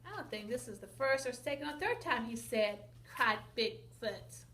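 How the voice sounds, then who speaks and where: A woman teacher reading a picture book aloud to children, expressive and asking them questions. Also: fairly high pitch, normal speed. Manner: expressive, asks listeners questions, sound effects. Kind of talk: children's read-aloud lesson. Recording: echoey room with faint noise.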